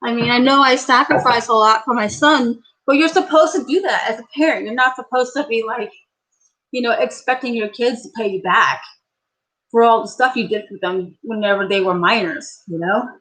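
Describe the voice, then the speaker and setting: High-voiced woman gushing over an unboxing. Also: moderate pace, a bit bright, low-quality recording. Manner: gushing, exclaims often. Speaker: vlogger. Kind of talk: excited unboxing vlog.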